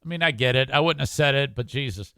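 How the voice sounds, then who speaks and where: A podcast host with a mid-range, bright, resonant voice talks fast and forcefully, reading out comments and doing live ad reads with blunt, freely swearing delivery. The recording is clean studio sound with no echo, and his speech stays clear.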